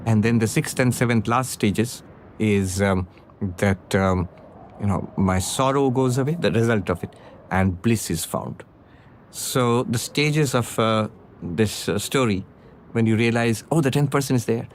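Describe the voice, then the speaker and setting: A man giving a philosophy lecture, explaining ideas step by step with frequent pauses and fillers. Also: fairly low pitch. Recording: lecture under vehicle noise.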